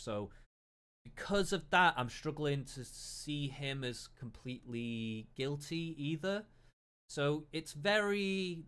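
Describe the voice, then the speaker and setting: A man's voice: medium pitch, a bit bright. A man giving casual reaction commentary, thinking aloud, repeating himself and swearing freely.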